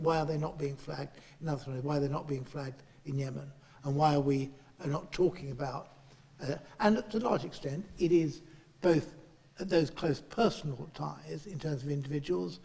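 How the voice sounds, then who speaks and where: A middle-aged man chairing a panel and giving a speech, halting and restarting often as he talks in a meeting room in Parliament. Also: fairly high pitch, gravelly, a little mellow, long reverb tail. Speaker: chair and politician.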